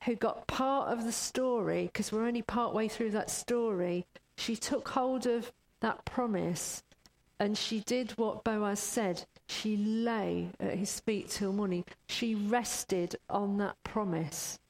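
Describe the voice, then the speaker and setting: A woman preacher giving a sermon, telling stories in an unhurried way, in a long church reverb. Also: medium pitch, darkish tone. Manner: unhurried, storytelling.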